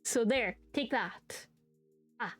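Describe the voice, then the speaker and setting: A woman's voice: on the high side, slow, fairly bright tone, no room sound, soft background music. A young adult woman streaming a dating game, chatting playfully, laughing often and reading all the parts aloud.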